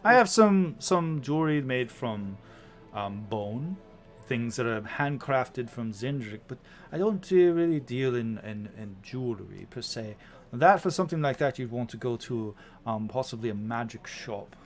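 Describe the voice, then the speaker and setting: A man's voice: mid-range voice, lively intonation, measured pace. A man voicing a sly, polite male shopkeeper who hedges and stalls. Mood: evasive. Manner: hesitant, hedging, overly courteous.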